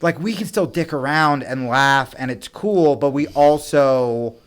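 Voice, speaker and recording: A man's voice: mid-range voice, unhurried, clean tone. Profane, rambling man telling stories. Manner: rambling, profane, animated anecdotes with many fillers. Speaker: podcast guest, comedian. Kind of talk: casual storytelling chat.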